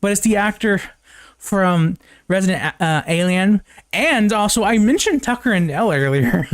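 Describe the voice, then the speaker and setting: A man's voice: sits high, lively intonation, normal speed, no echo. A young man giving a casual live movie review, recapping the plot in a rambling way with lots of fillers and swearing.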